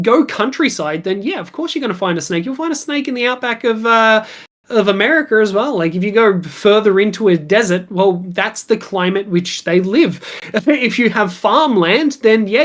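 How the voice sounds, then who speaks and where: A woman chatting casually as a podcast guest, rambling with many fillers and frequent laughs. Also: mid-range voice. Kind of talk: casual chat. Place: lives in Australia.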